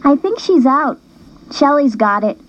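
A woman's voice: high-pitched, lively intonation, highs cut off, voice pushed up. A woman voicing a brash teenage girl who teases her best friend. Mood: eager. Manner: bold, teasing, quick.

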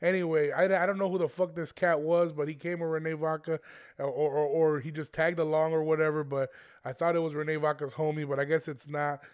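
A man's voice: on the high side, flat delivery, brisk, clean tone. A young man telling stories in a casual solo monologue, profane and rambling in heavy slang. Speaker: podcast host.

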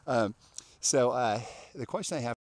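A man hosting a casual podcast interview, rambling and filling pauses with ums and restarts. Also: medium pitch, animated, dry recording. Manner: rambling, lots of fillers and restarts. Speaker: podcast host.

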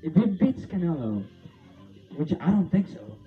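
A man's voice: sits high, big pitch swings, measured pace. A young man in a casual rant, rambling and repeating himself, often laughing and swearing as he talks. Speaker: vlogger. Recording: tinny phone-like sound with faint music.

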